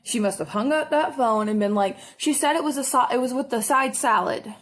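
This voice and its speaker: A young woman chats through a story while doing her makeup. Her voice sits a little high and has a breathy, husky edge. She jumps between her own voice and quick impressions of the people in the story. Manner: animated storytelling, acting out customers in quick bursts. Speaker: makeup vlogger.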